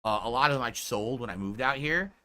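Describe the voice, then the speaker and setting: A man's voice: mid-range voice, expressive, quick pace, bright, forceful tone. A man streaming a video game, chatting casually to his viewers and narrating his play. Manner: chatty, talks to chat while playing. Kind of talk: casual live-stream chat and gameplay narration.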